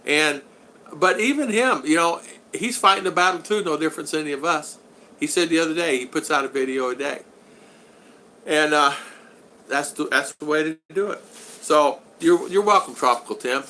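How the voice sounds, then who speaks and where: A man's voice: a little high, normal speed, bright, forceful tone, a little hiss or hum. A man in his sixties hosting a casual live stream at home, chatting loosely, reading out viewer comments and teasing regulars in a friendly way. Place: at home in the Philippines.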